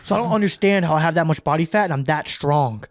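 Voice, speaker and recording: An overeager, earnest young stranger talks in a rambling, matter-of-fact way, as a man on a podcast quotes him. The voice sits a little high. The sound is close and dry. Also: fast, no room sound, lightly acted.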